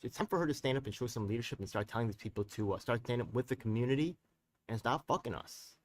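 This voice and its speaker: This community activist runs a live stream in an expressive, mid-range voice recorded from a distance. His talk is heated, profane and wandering, full of street slang, with frequent quick tag questions aimed at viewers.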